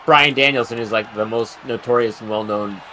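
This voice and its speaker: A man giving measured, wry remarks in a casual gaming chat with friends. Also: fairly low pitch, fairly even intonation, bright, forceful tone, slight background noise, poor audio.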